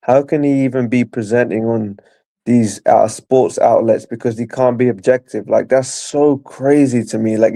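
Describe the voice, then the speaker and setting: Mellow-voiced man in dry, close football chat. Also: mid-range voice, dry recording. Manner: chatty, incredulous, laughs along. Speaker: guest. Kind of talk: casual football chat call.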